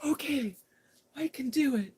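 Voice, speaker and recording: A woman's voice: high-pitched, lively intonation, unhurried, darkish tone, pitched above the performer's own voice. A woman voicing a confused elderly man who believes he is a knight, sounding childlike and eager. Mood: compliant.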